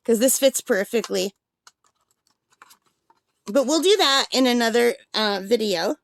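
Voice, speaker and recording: Woman, a bit high-pitched, hiccuping, relaxed rambling unboxing chat, dry booth-like sound. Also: unhurried, gravelly, no room sound. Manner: chatty, rambling, with fillers and small laughs. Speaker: art supply unboxing vlogger.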